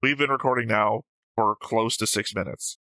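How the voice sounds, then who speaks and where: A man's voice: on the low side, fairly even intonation, normal speed, pushed and bright, dry recording. A man co-hosting an anime reaction show in casual, joking chat, explaining his reasoning at length.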